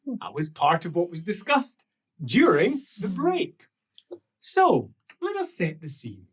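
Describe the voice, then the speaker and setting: Slow, husky tabletop game master. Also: mid-range voice, wildly swooping pitch, recorded from a distance. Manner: unhurried scene-setting narration. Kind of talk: narrating an improvised tabletop game.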